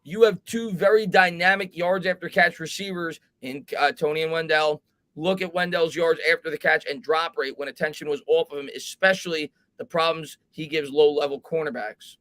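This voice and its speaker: A man hosting a live sports talk stream, reading viewer comments aloud and thinking out loud with frequent restarts. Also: a little high, fairly even intonation, normal speed, dry recording. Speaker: host.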